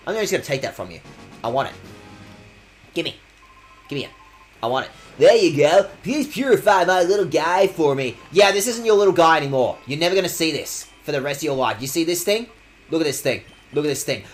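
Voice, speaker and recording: A man's voice: a little high, big pitch swings, fairly quick, a bit bright. A young man streaming a video game, swearing and mock-outraged as he reads the game text aloud and talks to chat. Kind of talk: casual let's-play commentary.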